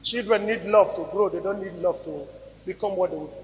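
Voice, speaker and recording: A man preaching a sermon as pastor, swinging between loud emphatic rises and quiet drops. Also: sits high, fairly quick. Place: church hall. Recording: reverberant church hall recording.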